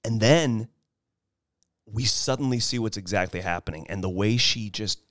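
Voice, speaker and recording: A man with a low, smooth and resonant voice talks casually about a film, slipping into lively little impressions of the scenes. The sound is close and dry. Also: normal speed, dry recording. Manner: animated, acts out film lines in high voices. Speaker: podcast host.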